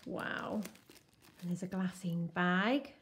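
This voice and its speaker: A woman chatting casually and excitedly as she unwraps a craft swap parcel. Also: on the low side. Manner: gushing, excitable, slow-paced. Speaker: crafting vlogger. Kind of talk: casual unboxing chat.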